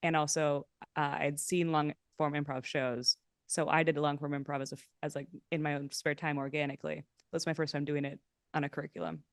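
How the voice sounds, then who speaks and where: Young female improviser, podcast guest. Smooth, clear tone, self-deprecating, lively impressions in stories. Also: low voice, brisk, no echo, clean studio sound. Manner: chatty, self-mocking, animated quotes. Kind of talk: casual chat.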